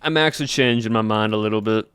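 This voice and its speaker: Man, Southern US accent, casual stream chatter, thinking aloud, smooth resonant tone. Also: lowish voice, fast talker, a bit bright, no room sound, studio quality. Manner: chatty, thinking aloud while polling chat. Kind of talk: casual livestream chat with viewers.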